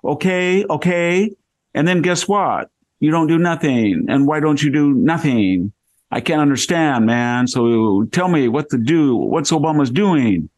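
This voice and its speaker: A man's voice: on the high side, animated, measured pace, a little mellow, no room sound, pitched above the performer's own voice. A man voicing a brash young woman with a Valley Girl accent, pushy and slangy in her talk.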